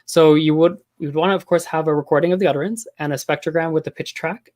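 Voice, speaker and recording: Man giving a casual linguistics lecture. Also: a little high. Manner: casual explanatory, frequent ums and hedging fillers. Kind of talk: academic online lecture.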